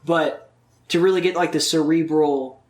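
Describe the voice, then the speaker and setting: A man's voice: a little high, fairly even intonation, normal speed, echoey room. A man chatting as a podcast guest, telling rambling stories full of swearing. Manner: profane, rambling storyteller. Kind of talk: casual interview chat.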